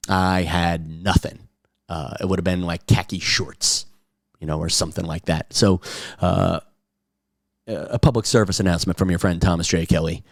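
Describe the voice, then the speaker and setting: Man from Long Island, podcast host; low, dry voice; rambling comic monologue, lots of fillers. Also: steady tone, normal speed, gravelly, no room sound. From Long Island, New York. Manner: rambling, with frequent "uh" fillers and restarts. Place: home kitchen. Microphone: camera recording at a desk.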